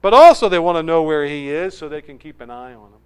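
A man preaches verse by verse in a smooth, clear voice that sits a little high. He is animated, rising loud for emphasis and dropping low for asides. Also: fast talker, low-quality recording. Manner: acts out crowd voices. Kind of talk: verse-by-verse sermon.

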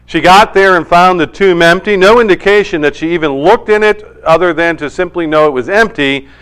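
A man's voice: sits high, brisk, fairly bright tone, clean tone. A man preaching a sermon in a conversational, emphatic way, with joking asides. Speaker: pastor.

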